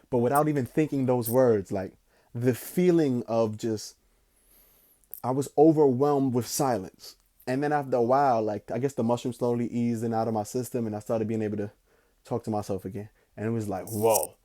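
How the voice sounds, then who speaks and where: Young male podcast host, low-key mellow tone, loose profane storyteller, drawls then gets hyped. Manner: loose, slangy and profane, swings between slow musing and excited bursts. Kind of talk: casual rambling storytelling.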